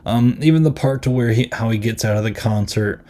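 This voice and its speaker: A man's voice: mid-range voice, brisk, dark tone. A man hosting a podcast and reviewing a film in casual chat, rambling and amused, with lots of ums and likes.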